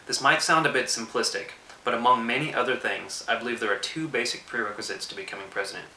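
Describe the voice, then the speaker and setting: A man in his twenties from Texas giving a measured, persuasive, emphatic scripted video address about politics. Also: medium pitch, sharp tone, reverberant, far from the mic, a little hiss or hum, rough recording. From Austin, Texas. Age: 20s. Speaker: political commentator.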